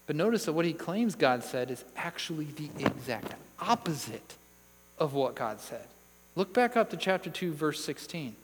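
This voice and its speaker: Male pastor, slightly high voice, earnest and emphatic sermon delivery, long hall reverb. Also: lively intonation, normal speed. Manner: earnest, emphatic Bible teaching with read-out verses.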